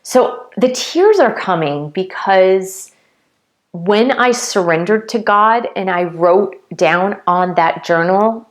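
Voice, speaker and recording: A woman's voice: mid-range voice, expressive, slow pace. A woman vlogging a heartfelt spiritual testimony, talking earnestly and casually, repeating phrases and filling gaps with "like", emotional and close to tears at times. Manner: earnest, repetitive, many "like" fillers.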